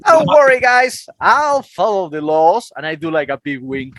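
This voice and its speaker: A man doing a squeaky, cocky halfling. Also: normal speed, fairly bright tone, no room sound. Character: cocky mischievous halfling rogue.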